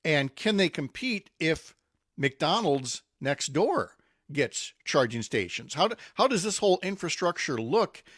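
A man hosts a casual radio show in a chatty way. He drops in fillers and laughing asides. His voice is mid-pitched and sounds close and dry. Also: sing-song, a little slow, a bit bright, no echo.

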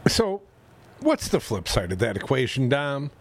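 A man's voice: medium pitch, a little slow, vocal fry, husky. A man from co-hosting a political talk radio show, reading news with sarcastic asides. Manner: sarcastic, animated, reads news items with quips.

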